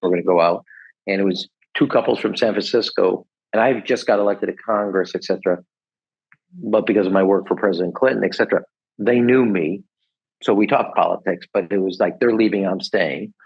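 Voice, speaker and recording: A man's voice: sits low, a little fast, gravelly, slightly rough, highs cut off. A man in his sixties, a podcast guest, telling stories in a casual, rambling way, full of restarts and "et cetera". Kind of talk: casual storytelling.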